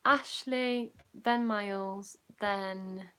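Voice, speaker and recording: A young woman with a Yorkshire accent, telling a casual storytime, rambling with lots of "like" fillers and sinking quieter when she recalls feeling nervous. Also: medium pitch, fairly even intonation, very slow, smooth. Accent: Yorkshire English. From Yorkshire, England. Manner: chatty, rambling, many "like" fillers, drops quieter when recounting nerves. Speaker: vlogger.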